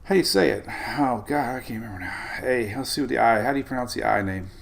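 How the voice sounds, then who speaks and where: Male weather-stream host, gravelly, rambling and chuckly, mid-range pitch. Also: quick pace. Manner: rambling, chuckling, self-interrupting. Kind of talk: casual live-stream weather talk.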